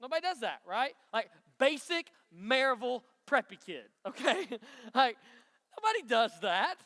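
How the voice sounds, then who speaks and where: A man's voice: extremely high pitch, very animated, normal speed, pushed and bright. A man from Knoxville, Tennessee, with an East Tennessee country accent, giving a chatty, folksy youth sermon and asking the crowd questions. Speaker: youth pastor. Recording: long hall reverb.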